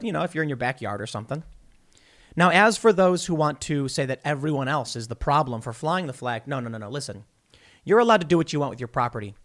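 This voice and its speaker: Animated man giving emphatic political commentary. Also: a little high. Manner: emphatic, animated, repeats words when restarting.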